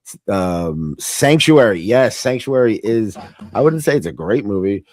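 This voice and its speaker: A man's voice: on the low side, very animated, unhurried, darkish tone, no room sound. A man hosting a casual chat about films, rambling, often laughing, trailing off and restarting. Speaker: host.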